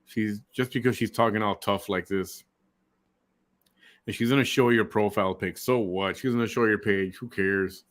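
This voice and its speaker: A man with a fairly low voice talks casually over a clip he is reacting to. He scoffs at what he hears and answers with sarcasm. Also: fairly even intonation, moderate pace, fairly bright tone.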